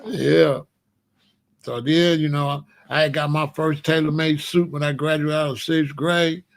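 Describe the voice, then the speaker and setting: A man tells a story in a loose, chatty way, laughing as he goes. His voice sits fairly high for a man. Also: measured pace, creaky. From Alabama, US. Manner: animated, chatty, laughs often. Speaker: host. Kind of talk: casual storytelling.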